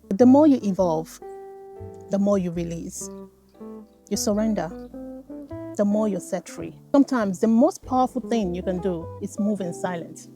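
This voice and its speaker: A Nigerian woman life coach talks to camera outdoors in a garden, giving a casual motivational vlog over a faint guitar bed. Her medium-pitched voice is mellow and moderately paced, and she's earnest, animated and repetitive, calling the listener "darling."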